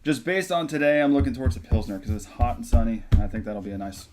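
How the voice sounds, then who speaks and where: A man's voice: mid-range voice, lively intonation, fast, music in the background. A man joining a live podcast as a guest, easygoing and self-deprecating in casual chat.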